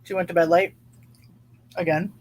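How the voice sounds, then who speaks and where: A woman hosting a relaxed livestream, chatting with viewers, laughing often and reading their comments aloud. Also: fairly low pitch, normal speed. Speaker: livestream host reading chat. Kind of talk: casual live chat.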